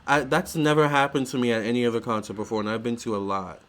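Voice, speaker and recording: A man's voice: mid-range voice, steady tone, quick pace, fairly bright tone, clean tone. A young man vlogging in a chatty, gushing way, full of fillers and restarts. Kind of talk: casual storytelling vlog.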